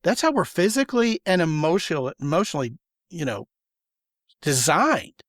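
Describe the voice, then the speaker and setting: A man's voice: fairly high pitch, big pitch swings, moderate pace, a bit bright, no echo. Emphatic male podcast host, dry close sound. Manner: emphatic, opinionated, acts out quoted voices. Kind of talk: casual podcast conversation.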